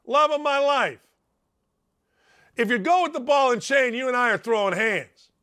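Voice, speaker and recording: American radio guy, high lively voice, bright and punchy, blunt folksy rambling advice. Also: moderate pace. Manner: blunt, folksy, rambling, swings between loud and muttered asides. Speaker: sports radio host. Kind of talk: animated monologue giving advice.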